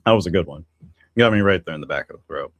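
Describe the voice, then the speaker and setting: Expressive and fast-talking, this low-voiced man is recorded with no room sound. He hosts a casual solo livestream where he rambles through philosophical musings, with plenty of fillers, restarts, and chatty asides to viewers.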